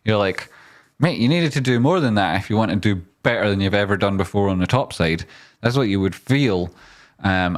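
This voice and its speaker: A man hosting a casual trading livestream, jokey and rambling, now and then jumping into a high pleading whine.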